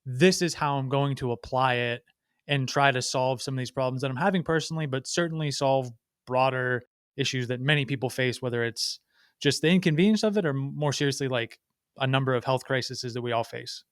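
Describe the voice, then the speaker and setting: Host: man, smooth clear tone, dry close sound, rambling questions. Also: mid-range voice, fairly quick, no echo. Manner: long, winding questions with restarts. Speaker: podcast host. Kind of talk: conversational podcast interview.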